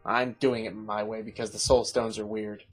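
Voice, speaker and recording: A man's voice: lowish voice, level tone, normal speed, soft background music. A man running a tabletop game as game master, narrating playfully and laughing at his own twists.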